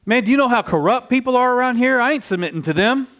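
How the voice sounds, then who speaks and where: A man's voice: very high-pitched, lively intonation, fast, a bit bright, pitched above the performer's own voice, full character voice. A man doing a scoffing, defiant inmate. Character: defiant male inmate, streetwise and resentful.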